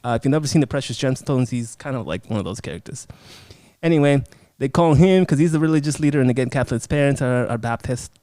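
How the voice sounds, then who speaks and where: Profane, animated man reviewing a film. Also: mid-range voice, fast, no echo, clean studio sound. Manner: profane, animated, acts out scenes. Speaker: podcast host, horror film reviewer. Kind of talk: casual, uncensored film review.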